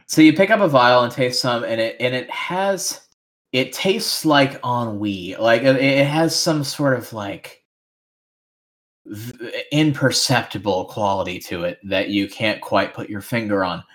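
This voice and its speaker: A man narrating as game master of a tabletop game, relaxed and rambling with lots of fillers. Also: medium pitch, measured pace.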